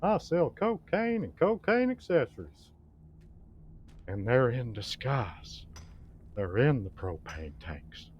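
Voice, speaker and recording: A man voicing Hank Hill, a folksy middle-aged Texan salesman with a flat earnest drawl. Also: medium pitch, takes it slowly, muffled recording, a little hiss or hum.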